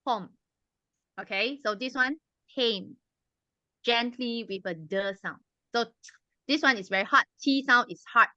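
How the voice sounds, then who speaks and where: A woman, speaking in a bright, fairly high and forceful voice. She teaches with patience, slowing down to drill each sound for the group. The recording is dull and lo-fi. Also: no echo. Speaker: club president giving a language evaluation. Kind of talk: explaining grammar and pronunciation at a club meeting.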